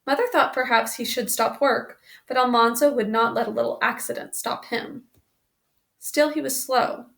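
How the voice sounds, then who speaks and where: Lady reading a kids chapter book out loud, gravelly, kinda high voice, stops to explain stuff. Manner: pauses to explain the story in plain asides. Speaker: reader. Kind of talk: reading a children's book aloud.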